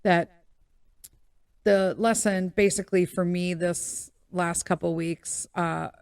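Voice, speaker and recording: A middle-aged woman tells a story on her podcast in a loose, chatty way, full of fillers and quick asides. Her voice sits fairly low for a woman, and the recording is dry and close with no room sound. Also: smooth, dry recording. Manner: animated, acts out quoted voices, many fillers. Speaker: podcast host. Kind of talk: casual storytelling monologue.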